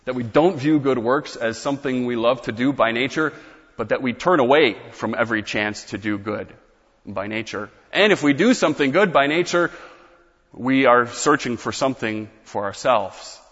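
A man's voice: mid-range voice, normal speed, a bit bright, husky, big-room sound, muffled recording. A man preaching a sermon as pastor, explaining scripture in a conversational teaching manner with casual asides.

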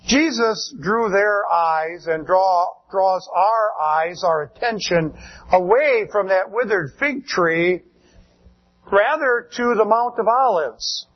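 A male pastor preaching a sermon in a slow, measured way, drawing out words for emphasis. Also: high-pitched, husky, lo-fi sound.

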